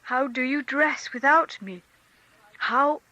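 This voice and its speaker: A woman reading aloud, voicing a loving mother who is overwhelmed with tears, in a soft, trembling voice. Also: high voice, takes it slowly, no echo, highs cut off, pitched above the performer's own voice, full character voice. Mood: tender. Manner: soft, trembling, emotional delivery.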